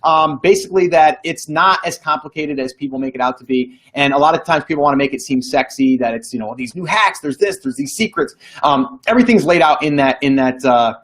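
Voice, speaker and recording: A man's voice: a little high, brisk, few pauses, a bit bright. A man hosting a casual live online show, chatty with lots of fillers and easy laughter, on a video call mic. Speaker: podcast host. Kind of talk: casual livestream chat.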